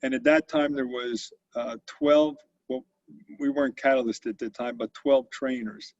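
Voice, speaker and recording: A man's voice: mid-range voice, normal speed, vocal fry, a little mellow, no room sound, muffled recording. An older man who founded a company tells stories as a guest in an interview and acts out the quotes with animation. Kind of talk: storytelling interview.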